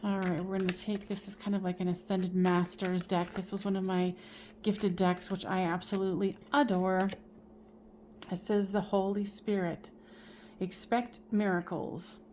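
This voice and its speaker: A woman with a mid-pitched voice gives a casual, expressive tarot reading, swearing freely and chuckling at her own remarks. Faint background noise sits under her voice. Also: moderate pace. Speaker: tarot reader.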